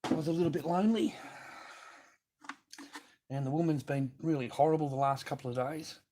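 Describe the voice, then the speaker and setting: A man's voice: on the high side, a little fast, dark tone, slight background noise. A middle-aged man chatting casually on a livestream while making masks, ranting and swearing with bursts of laughter. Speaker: livestreaming mask artist.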